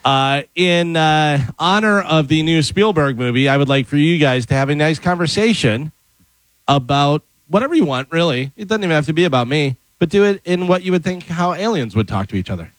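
A male radio co-host who rambles cheerfully through the conversation. His voice sits a little high for a man. The studio sound is dry and close. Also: lively intonation, a little fast, no echo, rough recording. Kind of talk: casual morning radio banter.

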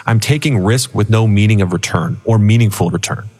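A man co-hosts a financial radio show, chatting animatedly. His voice sits low with a husky grain. A long hall reverb lingers on his words. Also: fairly quick. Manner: animated storytelling with laughs. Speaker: financial advisor co-host. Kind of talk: casual radio chat.

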